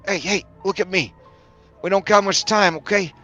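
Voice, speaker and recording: A man voicing a frantic, whiny reanimated taxidermy cat who stammers in a high, squeaky voice. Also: normal speed, pushed and bright, dull audio, soft background music. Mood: urgent.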